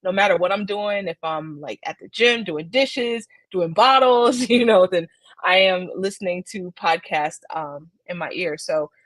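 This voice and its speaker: A woman's voice: lowish voice, a little slow, no echo. A woman author being interviewed in a casual video chat, chatty and laughing often, talking from home. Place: home, child nearby.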